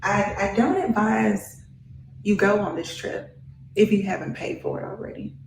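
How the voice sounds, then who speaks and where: A woman's voice: medium pitch, normal speed, vocal fry, natural voice. A woman playing a blunt no-nonsense lawyer. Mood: stern. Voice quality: firm, clipped questioning. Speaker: divorce lawyer in a web skit. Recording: echoey room with background noise.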